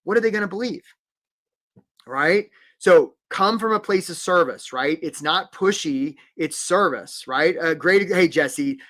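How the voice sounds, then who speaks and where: A man hosting a live career-coaching webinar, animated and emphatic, often tagging "right?" and acting out little bits of dialogue. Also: fairly high pitch, a little slow.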